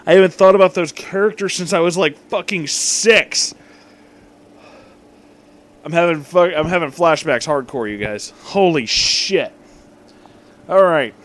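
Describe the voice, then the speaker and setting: A man's voice: a little high, a little slow, pauses often, fairly bright tone. Irreverent young man reading a story aloud. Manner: irreverent, swearing, frequently breaking off to joke. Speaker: fan-fiction reader. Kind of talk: comedic reading with asides.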